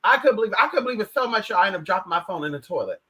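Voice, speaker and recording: An American woman vlogging in casual chat, brash and profane, swinging between loud outbursts and low asides. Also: animated, racing, breathy edge. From United States. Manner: brash, profane, addresses viewers as girl and bitch.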